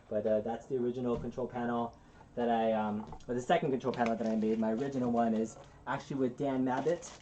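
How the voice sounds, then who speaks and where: A man hosting a casual live-stream unboxing, talking in a relaxed, rambling way with plenty of fillers and restarts. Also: mid-range voice, highs cut off, a little hiss or hum. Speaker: channel host.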